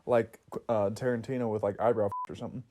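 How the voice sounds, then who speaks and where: A man's voice: lowish voice, fairly even intonation, fast, background noise. Wry man cracking jokes about a movie. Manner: wry, joking asides. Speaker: movie podcast co-host. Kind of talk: casual movie discussion.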